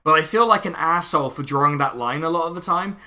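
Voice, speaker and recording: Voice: medium pitch, fast talker, bright, forceful tone. A non-binary streamer, chatting casually and sarcastically over lunch, ranting with lots of filler words. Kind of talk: casual chat.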